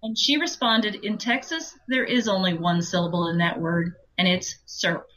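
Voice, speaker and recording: A woman audiobook narrator talking casually as an interview guest, telling animated stories with laughs. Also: lowish voice, normal speed, highs cut off. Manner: chatty, animated storytelling with laughs.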